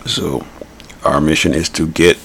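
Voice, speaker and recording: A man's voice: a bass voice, steady tone, a little slow, a bit bright, slight background noise. A man hosting a podcast, giving blunt, rambling political commentary and repeating his points. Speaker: podcast host.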